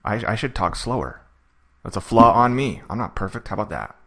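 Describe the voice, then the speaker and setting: A man coaching a client for a courtroom hearing, talking fast and acting out what the judge and defendant might say. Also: on the low side, sing-song, pushed and bright. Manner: fast-talking, self-admittedly rushed; acts out judge and defendant lines in quick asides. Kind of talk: coaching session recap.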